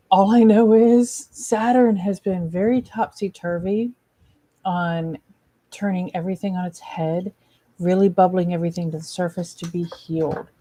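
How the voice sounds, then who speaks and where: A woman talks through a weekly card reading in a loose, chatty way. She gushes, drops casual swears and keeps things informal. Her voice sits fairly low and sounds mellow and relaxed. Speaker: psychic medium.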